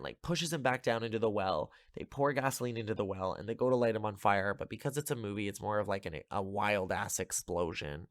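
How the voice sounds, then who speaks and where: A man's voice: on the low side, no echo, clean studio sound. A man hosting a podcast, casually recapping a movie plot in a rambling, filler-heavy way with sarcastic asides. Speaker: podcast host.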